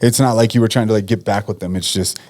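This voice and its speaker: Easygoing male podcast co-host, low voice. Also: fairly even intonation, quick pace, darkish tone. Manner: easygoing, chiming in with reactions. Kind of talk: casual chat. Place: podcast studio.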